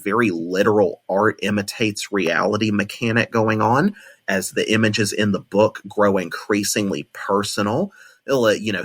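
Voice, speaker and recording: A young man hosting a solo podcast, thinking out loud and often restarting with repeated words. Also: fairly low pitch, slightly rough. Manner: analytical, thoughtful, repeats words when restarting. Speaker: podcast host.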